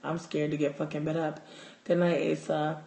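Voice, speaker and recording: A man tells a story on his livestream in loose, profane talk that keeps building into loud excitement. His voice sits a little high and rings out in an echoey room. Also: normal speed, creaky. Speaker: livestream host.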